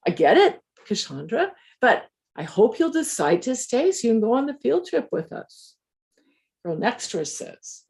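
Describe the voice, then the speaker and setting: A woman, once a teacher, telling a personal story in a conversational, measured way with dry humor. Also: fairly high pitch, very animated, creaky, darkish tone.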